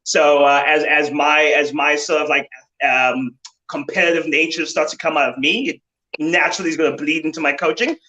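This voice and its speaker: A man's voice: on the high side, steady tone, moderate pace, sharp tone, lo-fi sound. A man, a fitness coach, talking about his coaching approach with confident emphasis and frequent restarts. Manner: confident, emphatic, repeats words when starting. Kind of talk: panel talk.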